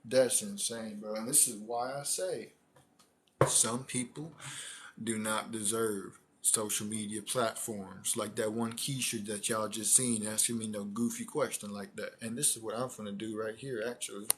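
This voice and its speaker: Slangy, animated man with a low voice. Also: normal speed, noisy background. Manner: animated, slangy, repeats phrases for emphasis. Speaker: commentary streamer. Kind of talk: casual reaction commentary.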